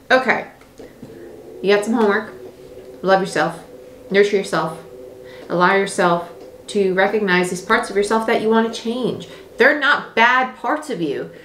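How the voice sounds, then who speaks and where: A woman's voice: medium pitch, fairly bright tone. A young woman giving a casual tarot reading, chatty, blunt and encouraging with playful exclamations. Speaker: tarot reader. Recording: echoey room with faint noise.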